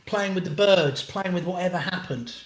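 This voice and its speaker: A middle-aged comedian from England is an interview guest spinning anecdotes, speaking at normal speed in an animated way, restarting sentences often and swearing casually. His voice is a little high, and the roomy space gives it an echo off the walls.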